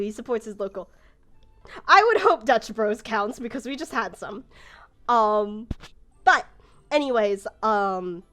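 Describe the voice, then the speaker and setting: A woman running a tabletop game as game master, narrating casually with lots of fillers. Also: on the high side. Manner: casual, rambling with many fillers.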